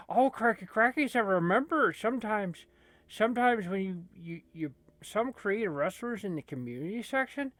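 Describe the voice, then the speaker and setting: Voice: medium pitch, lively intonation, normal speed, a bit bright, no echo, close to an everyday voice. A performer playing a folksy male gamer with a shaky put-on Minnesotan accent who rambles, with lots of fillers, in a comedy gaming sketch. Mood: excited.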